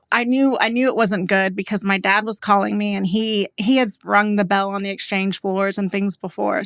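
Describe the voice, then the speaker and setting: Gravelly and slightly bright at a medium pitch, the voice belongs to a Texan woman in her forties who owns a business. She speaks candidly as a podcast guest recounting a personal story, peppering it with "like" and quick laughs, recorded dry and clean in a studio.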